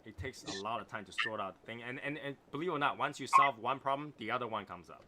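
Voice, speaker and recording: Bright-voiced livestream host, reflective. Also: male voice, mid-range voice, fast talker. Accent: non-native English accent. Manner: reflective, rambling, repeats phrases and asks "right?". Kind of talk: casual chat reading viewer comments.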